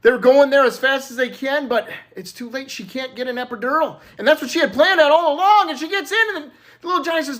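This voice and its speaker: A man telling a string of jokes in a casual, animated way, jumping up in pitch for the punchlines. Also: quick pace, hardly any pauses. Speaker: joke teller.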